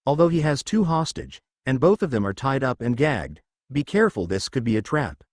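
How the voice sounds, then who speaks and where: A man doing a gentle young superhero. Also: medium pitch, very animated, a little fast, no room sound, clean studio sound, natural voice. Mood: cautious.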